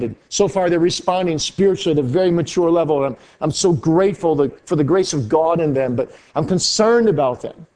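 A man with a notably high voice preaching a sermon. He speaks earnestly as a pastor, swinging from raised, quick passages down to low, slow, hushed ones. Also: animated. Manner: earnest preaching with wide swings in pitch and loudness.

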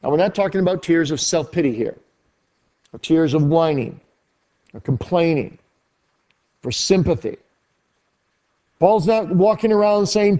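High-pitched preaching man, earnest and dynamic. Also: animated, a little slow. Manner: earnest preaching with wide swings in pitch and loudness. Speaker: pastor. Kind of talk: sermon.

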